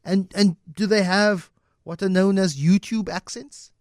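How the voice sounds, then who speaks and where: Male radio host, South African accent, high voice, dry studio sound, animated, conversational. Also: unhurried, no echo. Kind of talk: morning radio talk. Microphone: studio microphone.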